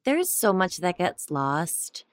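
A young adult woman, an actor and stand-up comedian, chatting in an interview in a rambling way, full of fillers and quick laughs. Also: fairly low pitch, big pitch swings, no room sound, clean studio sound. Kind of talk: casual interview chat.

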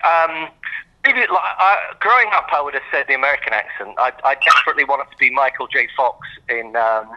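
A man's voice: mid-range voice, fairly quick, lo-fi sound. A man with an English accent, a podcast guest chatting casually with hesitant, understated dry humor. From England.

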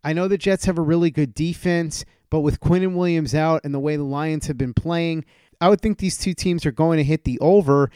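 A man's voice: fairly high pitch, a little fast, mellow, smooth, dry recording, clean studio sound. A man hosting a sports talk show, giving a methodical rundown of team news and asking his guest questions. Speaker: sports podcast host.

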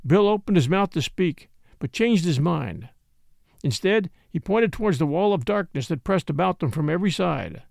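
A man narrating a classic adventure story as an audiobook, in an expressive storytelling manner. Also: sits high, normal speed, gravelly, no echo, studio quality. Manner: expressive storytelling with varied character voices. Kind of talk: audiobook reading.

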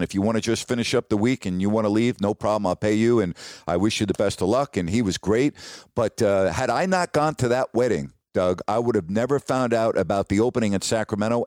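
A middle-aged man, a sportscaster, telling stories from his career in an animated, anecdotal way. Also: mid-range voice, dry recording, clean studio sound. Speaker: sportscaster guest. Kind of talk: casual storytelling on a podcast.

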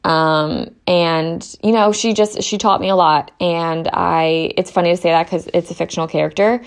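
Creaky-voiced young woman ranting about books. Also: lowish voice, fairly even intonation, normal speed. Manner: chatty, exasperated ranting with many fillers. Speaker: book reviewer. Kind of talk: casual chat to camera.

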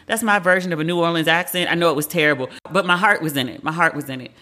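A woman's voice: fairly low pitch, racing, sharp tone. A woman in her forties hosting a casual pop culture podcast, talking candidly, swearing freely and acting out quotes. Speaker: podcast host.

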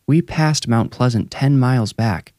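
A man's voice: mid-range voice, a little slow, no room sound, clean studio sound, voice pushed up, lightly acted. A man voicing a wary, defiant woman executive in a horror story reading. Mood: suspicious. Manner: sharp, suspicious, then frightened and pleading.

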